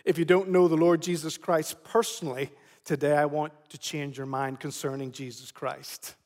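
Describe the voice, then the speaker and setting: A man's voice: on the high side, fairly even intonation, normal speed, a little mellow. A man preaching a sermon as pastor, emphatic and prone to repeating phrases. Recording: long hall reverb.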